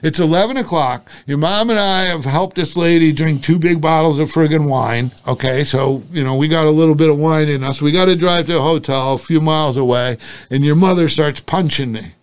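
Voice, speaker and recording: An older man with a slightly high voice tells stories from his years as a cop and private investigator. His delivery is animated and casual. He acts out the back-and-forth of each scene and swears freely. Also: fairly quick, smooth. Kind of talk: casual storytelling.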